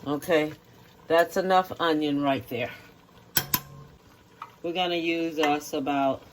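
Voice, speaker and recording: Slow-talking home cook. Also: mid-range voice, fairly even intonation, noisy background. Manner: slow, repetitive instructions, checking in with "okay?". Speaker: home cook hosting a cooking video. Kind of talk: cooking demonstration.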